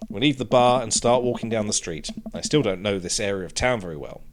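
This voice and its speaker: A man's voice: fairly low pitch, a little fast, music in the background. A man reading a dating game aloud and joking through it, laughing often and swearing freely. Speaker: gaming YouTuber. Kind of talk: game playthrough commentary with read-aloud dialogue.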